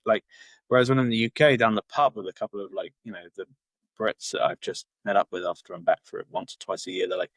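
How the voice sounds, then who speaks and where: This podcast guest from Cornwall, England, talks in a rambling, casual interview style, full of fillers and false starts. He speaks fast in a lowish voice with fairly even intonation, and there's no echo.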